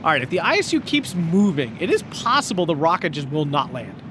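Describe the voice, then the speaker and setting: A man casts a strategy game tournament match, reacting loudly and laughing as the action unfolds. His voice sits high and leaps around constantly. A steady hiss of noise runs beneath him. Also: a little fast. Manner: excitable, laughs often, shouts at big plays. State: losing his voice. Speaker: tournament caster. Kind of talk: excited game commentary.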